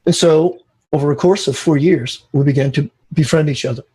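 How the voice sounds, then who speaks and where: A man being interviewed as a spiritual teacher, telling an animated story and acting out the dialogue. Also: fairly high pitch, a little fast, slightly rough.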